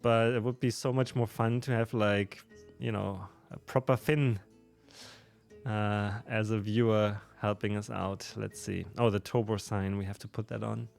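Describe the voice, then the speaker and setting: A man's voice: lowish voice, steady tone, unhurried, gravelly, soft background music. A man with a German accent chatting casually with viewers on a live stream while playing a game, laughing often.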